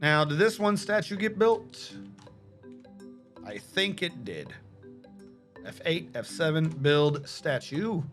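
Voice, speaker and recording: A man's voice: on the high side, animated, slow, pauses often, a bit bright, faint music behind. A man streaming a game live, giving casual, profane commentary and talking to his chat.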